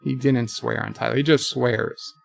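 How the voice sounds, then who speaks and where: A man recapping a TV episode live, retelling the dialogue slowly with occasional comments of his own. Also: mid-range voice, fairly even intonation, vocal fry, soft background music. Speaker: video reviewer. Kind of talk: live watch-along recap.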